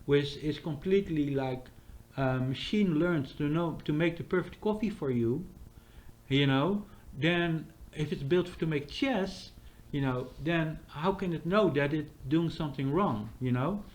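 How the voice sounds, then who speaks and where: A man's voice: a little high, a little slow. A man talking in a casual, rambling monologue, full of fillers and restarts.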